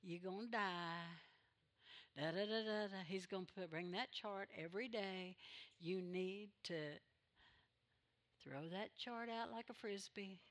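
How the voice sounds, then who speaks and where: A woman pastor preaching a sermon in church, with emphatic calls and quick asides to the congregation. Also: medium pitch. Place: church sanctuary.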